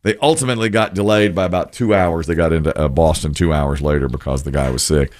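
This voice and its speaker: A man hosting a talk show, telling stories in an animated, self-mocking way. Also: extremely low pitch, fast. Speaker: radio show host. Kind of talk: casual storytelling chat.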